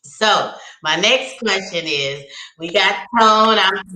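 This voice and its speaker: A woman hosting a casual talk show, blunt and animated, laughing often as she talks. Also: medium pitch, takes it slowly, reverberant, a little hiss or hum, rough recording. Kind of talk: casual chat.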